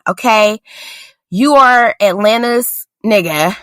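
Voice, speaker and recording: A woman's voice: mid-range voice, slow, a bit bright, no room sound. A woman co-hosting a podcast in casual chat, blunt and sarcastic, often laughing as she talks. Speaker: podcast co-host.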